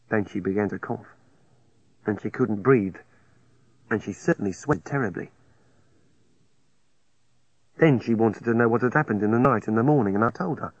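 Male narrator with a husky voice; plain, halting first-person telling, recorded dry and a little dull. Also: on the low side, dry recording.

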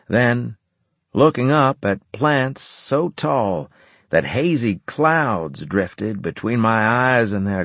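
A man narrating a first-person story in an expressive, storytelling way. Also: lowish voice, no echo. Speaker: audiobook narrator.

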